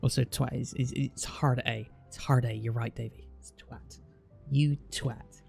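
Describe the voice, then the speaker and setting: A man's voice: medium pitch, steady tone, moderate pace, vocal fry, a little mellow, soft background music. A man with an English accent chatting casually with live-stream viewers in a blunt, teasing way.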